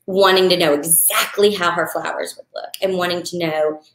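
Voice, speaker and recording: A woman's voice: fairly low pitch, moderate pace, a little hiss or hum. Chatty woman in an echoey room. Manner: chatty, animated, acts out clients in quoted voices. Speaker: wedding florist and business coach. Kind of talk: casual live-stream talk answering viewer questions.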